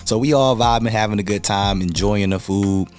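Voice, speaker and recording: Low-voiced man telling a story. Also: moderate pace, faint music behind. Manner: animated, quotes friends in slang. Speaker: storyteller host. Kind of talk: casual storytelling in slang.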